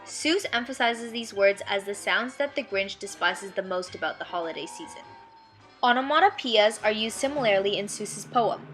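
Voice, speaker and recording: A woman's voice: mid-range voice, expressive, moderate pace, a bit bright, faint music behind. A teenage girl, a student, reading her school essay aloud in a careful, evenly paced way.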